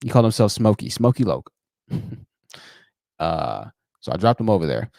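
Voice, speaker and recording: A man hosting a livestream call-in show, telling stories in a chatty, animated way and laughing at his own jokes. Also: on the low side, moderate pace, gravelly, no echo, clean studio sound. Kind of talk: livestream commentary and storytelling.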